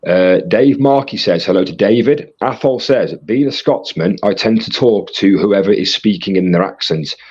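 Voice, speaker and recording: A man with a husky voice, casually reading viewer comments aloud as co-host of a live stream. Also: on the low side, normal speed, hardly any pauses, a little mellow, dull audio.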